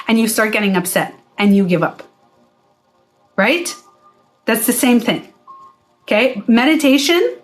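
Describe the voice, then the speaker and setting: A woman wellness coach talking casually to her viewers, candid and swearing freely as she acts out her own reactions. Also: on the high side. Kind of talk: casual live-stream talk to viewers. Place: indoors, playing music in the background.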